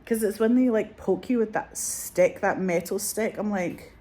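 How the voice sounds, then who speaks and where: A woman's voice: mid-range voice, normal speed, dark tone. A middle-aged woman chatting casually to her viewers, rambling and anxious, swearing often. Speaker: vlogger. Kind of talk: casual chat to camera.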